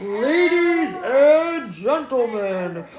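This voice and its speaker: A woman doing a booming, slow event announcer. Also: sing-song, muffled recording, crowd noise, exaggerated voice. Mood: grandiose. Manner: slow, drawn-out, loud proclaiming. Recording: echoey room with background noise.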